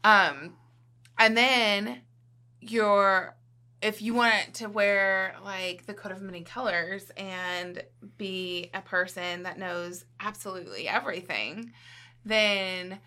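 A woman's voice: medium pitch, takes it slowly, sharp tone. A woman chatting casually as a podcast guest. She is talkative and often checks in with "right?".

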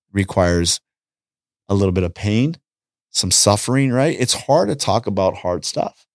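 A man talking casually on a podcast, an animated storyteller who acts out conversations and repeats his points. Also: sits low, no echo, clean studio sound. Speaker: podcast guest, street preacher. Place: podcast studio.

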